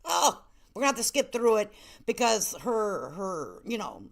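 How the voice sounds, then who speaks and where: A woman's voice: mid-range voice, sing-song, a little slow, creaky. A woman hosting a casual live-stream commentary, talking in a sassy, blunt, teasing way. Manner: sassy, blunt, playful scolding.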